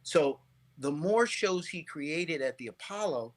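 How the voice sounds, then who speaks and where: A middle-aged man, a guest on an interview show, telling stories in a lively way, restarting phrases and checking in with "right?". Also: fairly high pitch, measured pace. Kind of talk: casual interview storytelling.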